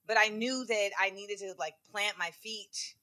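A woman comedian, a guest in a casual interview, telling stories in a quick, chatty way with lots of fillers. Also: mid-range voice, steady tone, sharp tone.

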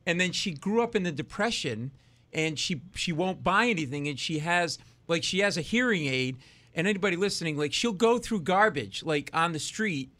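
A man's voice: on the high side, moderate pace, no echo. A man, a comedian guest telling stories in a casual radio chat and acting out other people's voices. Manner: animated storyteller, acts out voices of others. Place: lives in New York City.

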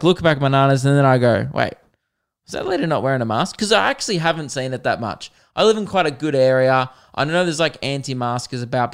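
A young man with an Australian accent, a podcast host telling a rambling, animated comic story and swearing often. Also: medium pitch, clean tone. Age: young adult. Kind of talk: comedic storytelling.

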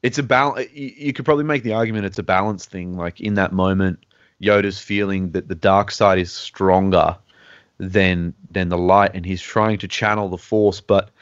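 A man with a fairly low voice hosts a casual podcast chat. He rambles and restarts as he works through his ideas. The sound is dull and lo-fi, in a dry room. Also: steady tone, normal speed, no echo. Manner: rambling, restarts often while he thinks aloud. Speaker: podcast host.

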